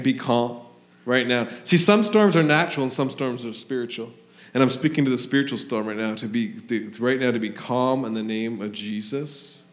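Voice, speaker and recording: A man's voice: medium pitch, echoey room. A man preaching and praying prophetically in a church service, fervent and rambling, acting out quoted voices. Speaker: pastor. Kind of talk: sermon with prophetic prayer. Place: church hall.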